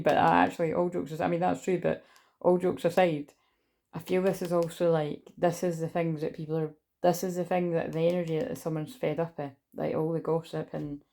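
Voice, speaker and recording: Low gravelly-voiced woman reading tarot. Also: warm tone. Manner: rambling, reads card texts aloud, swears casually. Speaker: tarot card reader. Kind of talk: casual spiritual tarot reading.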